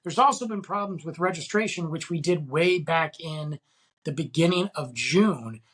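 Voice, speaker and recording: A man's voice: on the high side, moderate pace, fairly bright tone, breathy edge. A man hosting a podcast, ranting in an exasperated, casual way and firing off rhetorical questions. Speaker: podcast host.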